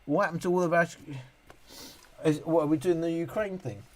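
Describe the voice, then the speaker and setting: A man's voice: a little high, fairly even intonation, a little fast. A middle-aged man hosting a casual live stream, reading viewer comments and answering in a rambling way, full of restarts. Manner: rambling, self-interrupting, with many restarts.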